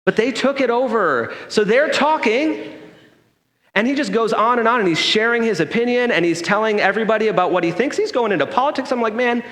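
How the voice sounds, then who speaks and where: A man's voice: sits high, animated, a little fast, a bit bright. A man giving a sermon in a church, telling a personal story in a conversational way and checking in with the congregation by asking "okay?". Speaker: pastor. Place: church sanctuary. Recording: long hall reverb.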